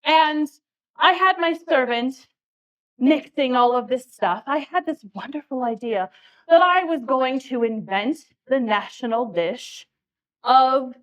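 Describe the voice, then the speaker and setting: A woman's voice: high voice, a little slow, lo-fi sound. A woman improvising a vain, boastful countess at a live tabletop game, bragging and cackling at her own claims. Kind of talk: live improvised character play.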